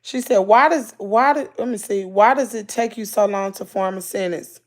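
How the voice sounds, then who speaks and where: A woman's voice: mid-range voice, moderate pace. A woman from Mississippi with a Southern accent, hosting a casual livestream, telling stories with country slang and reading comments aloud. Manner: animated storytelling, loud laughter, country slang. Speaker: livestream host.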